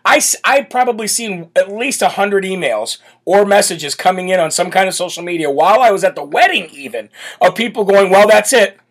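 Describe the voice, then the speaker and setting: A man hosting a political talk show, talking in a brash, blunt and forceful way, often repeating himself for emphasis. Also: high voice, lively intonation, fairly quick. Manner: repetitive, emphatic restarts. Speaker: host.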